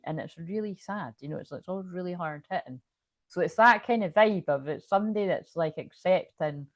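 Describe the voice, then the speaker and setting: A woman's voice: on the low side, fairly quick, dry recording. A woman giving a casual channeled tarot reading, rambling with lots of fillers and swearing freely. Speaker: tarot reader.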